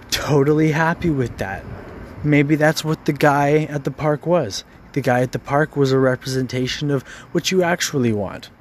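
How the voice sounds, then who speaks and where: A man's voice: fairly high pitch, slight background noise. A man venting in an angry rant, frustrated and profane, stumbling over repeated words.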